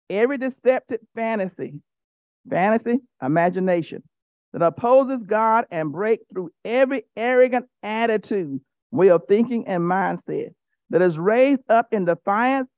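A woman's voice: medium pitch, no room sound, muffled recording. A woman giving a sermon as a Bible teacher, emphatic and repetitive, teasing her listeners directly. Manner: emphatic, repeats key phrases.

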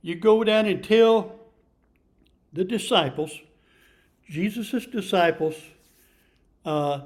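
A man's voice: high-pitched, slow pace. Folksy preacher in his seventies. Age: 70s. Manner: folksy, repetitive, emphatic. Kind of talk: storytelling sermon.

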